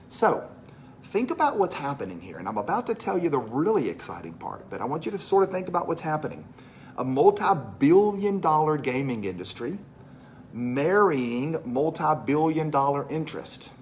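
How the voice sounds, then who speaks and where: A man's voice: mid-range voice, slight background noise. A man from Mississippi with a Southern accent, presenting a business opportunity to an audience in a chatty, storytelling way and repeating phrases for emphasis. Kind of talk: animated sales pitch to a live audience.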